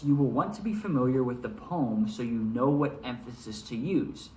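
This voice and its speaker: A man's voice: mid-range voice, normal speed, a little mellow. Man teaching a lesson in an echoey room. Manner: friendly, keeps checking in with "all right?". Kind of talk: recorded classroom lesson, reading poetry aloud.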